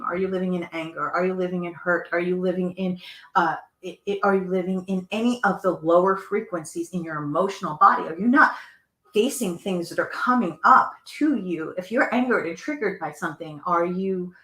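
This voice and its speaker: A woman's voice: fairly low pitch, bright, forceful tone, roomy sound. A woman hosting a motivational talk, speaking earnestly and firing off rhetorical questions, often repeating words as she goes. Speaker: host.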